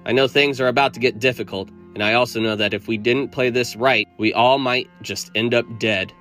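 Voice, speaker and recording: A man with a mid-range voice narrates a first-person story in a steady, earnest way. His reading is even and measured, with soft music underneath. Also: mid-range voice.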